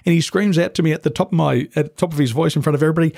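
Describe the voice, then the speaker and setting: A man's voice: fairly high pitch, rapid-fire, creaky, a little mellow, breathy edge, dry recording, studio quality. A man who is a business coach, telling stories as a guest in an interview and acting out the voices of the people he quotes. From Australia. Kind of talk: storytelling interview.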